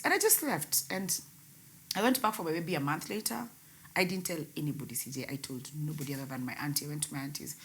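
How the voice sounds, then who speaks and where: A young woman telling her painful personal story in an interview, her voice swinging between loud outbursts and hushed words. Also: deep voice, lively intonation, quick pace. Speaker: guest, radio host.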